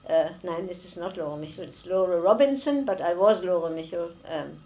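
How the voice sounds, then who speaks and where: A woman in her nineties with a German accent, giving oral history testimony slowly and haltingly, with many pauses and fillers. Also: lowish voice, dark tone, poor audio. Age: 90s. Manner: slow and halting, with frequent fillers. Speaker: interviewee, former refugee.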